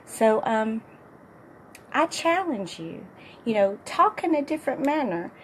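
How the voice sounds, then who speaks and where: A middle-aged woman fitness coach with a hoarse, partly lost voice, giving an upbeat, encouraging motivational talk to her viewers. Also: fairly high pitch, big pitch swings, measured pace, fairly bright tone, a little hiss or hum.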